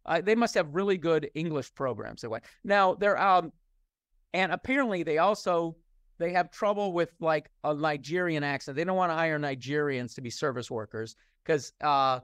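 A middle-aged man with a fairly high voice talks as a guest in an interview. He explains things at length and works through his points with restarts and fillers. The sound is dry and close, with no room echo. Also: normal speed, fairly bright tone. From United States. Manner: thoughtful, many restarts and fillers. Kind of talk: conversational interview.

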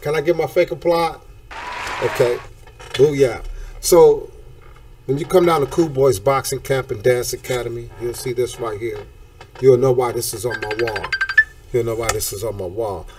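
A man hosting a casual talk show, talking in an animated, slangy way and throwing out hype catchphrases. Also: mid-range voice, distant mic.

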